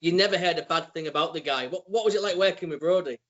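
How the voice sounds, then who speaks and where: A male co-host with a fairly high voice asks his questions in a halting way and stumbles over repeated words. He comes through a video call. The sound is dull and lo-fi. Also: fairly bright tone. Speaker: podcast host. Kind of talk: casual interview questions.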